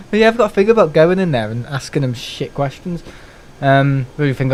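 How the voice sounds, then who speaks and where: A man's voice: on the high side, animated, normal speed, a little mellow, a little hiss or hum. Chatty man rambling on stream. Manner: rambling, jokey, laughs often, swears. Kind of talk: casual live-stream chat.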